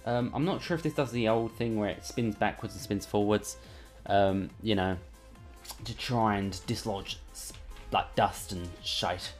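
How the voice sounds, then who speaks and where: Under a studio light in his bedroom, a hardware reviewer opens new gear and chats casually and irreverently. He has a fairly low voice and a measured pace, with faint music behind.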